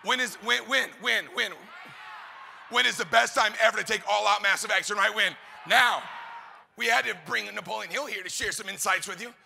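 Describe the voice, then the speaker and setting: A man delivers a hyped motivational talk to a live crowd, firing questions and shouting back the answers. His voice sits high and carries heavy gravel with a piercingly bright edge. The sound rings out with the long reverb of a large event hall. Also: moderate pace, slight background noise. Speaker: motivational speaker. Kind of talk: high-energy motivational speech to a live audience.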